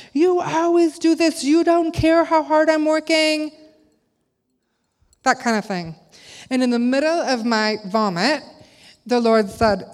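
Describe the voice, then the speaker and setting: A woman telling a candid family story in a sermon, acting out her own lines as she preaches to a church. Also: on the high side. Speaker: speaker at a church service. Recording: long hall reverb.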